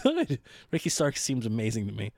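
A man co-hosting a casual chat about wrestling, excitable and rambling, often laughing as he talks. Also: medium pitch, brisk, vocal fry, no room sound, clean studio sound. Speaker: podcast co-host.

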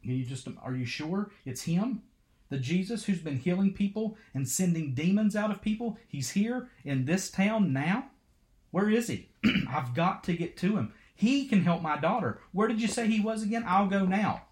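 A man's voice: medium pitch, animated, moderate pace, few pauses, a little mellow, lightly acted. A man voicing a desperate mother, pleading urgently for help for her child. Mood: frantic.

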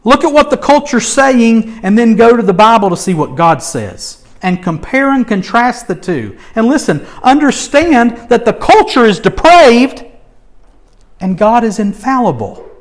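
A man preaching a sermon, emphatic and animated, swinging between loud urging and soft asides. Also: very high voice, unhurried.

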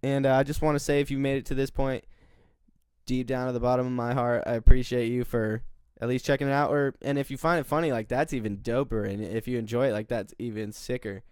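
A young man co-hosting a podcast, chatting casually in an excitable, laid-back way with lots of swearing. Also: medium pitch, fast, smooth, dry recording, studio quality. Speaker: podcast co-host. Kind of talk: casual chat.

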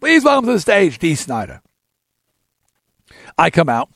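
A man in his sixties hosting a talk show, telling a long story in an animated, ranting way and acting out other people's lines. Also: on the high side, a little slow, no echo, clean studio sound. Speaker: podcast host telling a story.

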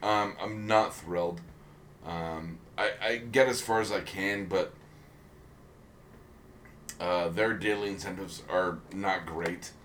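A man's voice: deep voice, steady tone, slow, pauses often, fairly bright tone, a little hiss or hum. A man co-hosting a casual podcast chat, rambling with many ums and restarts. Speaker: podcast co-host.

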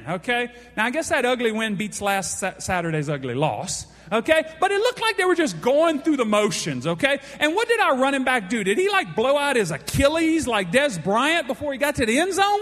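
A man's voice: extremely high pitch, fairly bright tone. A pastor giving a folksy sermon, joking with his congregation by name. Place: church hall. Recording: long hall reverb.

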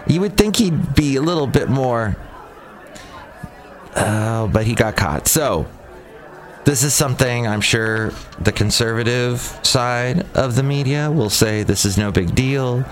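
A man's voice: mid-range voice, expressive, a little slow. Sarcastic rambling male podcaster. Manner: sarcastic, rambling, with frequent restarts. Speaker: podcast host. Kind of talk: casual solo podcast monologue. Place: outdoors near a cafe.

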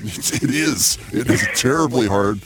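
A man's voice: medium pitch, measured pace, noisy background. A man hosting a casual podcast, teasing his guests and laughing often. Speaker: podcast host.

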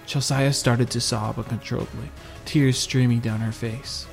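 A man narrating a first-person audiobook in a steady, measured reading. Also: mid-range voice, creaky, soft background music.

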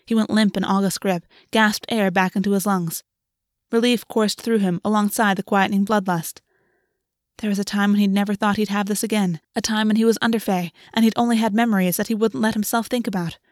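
A woman narrating a fantasy novel in a measured, even reading. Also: mid-range voice, no echo, clean studio sound. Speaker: audiobook narrator. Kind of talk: scripted narration.

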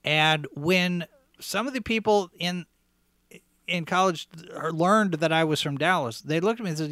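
A man from Texas who speaks with a general American accent, his voice sitting a bit high for a man. He chats freely, laughs easily and corrects himself mid-sentence, recorded dry and close. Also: moderate pace, bright, forceful tone, no room sound. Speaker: host. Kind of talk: casual podcast chat.

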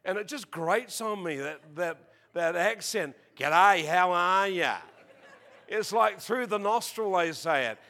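An Australian man preaching a sermon, joking with the congregation and crying out praises, reading scripture slowly and with emphasis. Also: high voice, expressive, fairly bright tone. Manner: jokey, peppered with exclamations of praise. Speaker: visiting preacher.

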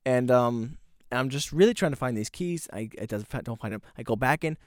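A man's voice: mid-range voice, animated, brisk, dry recording, clean studio sound. A young man with a Southern American twang, telling a rambling story on a casual podcast. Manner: rambling storyteller, many ums and restarts. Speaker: podcast co-host. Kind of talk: casual chat.

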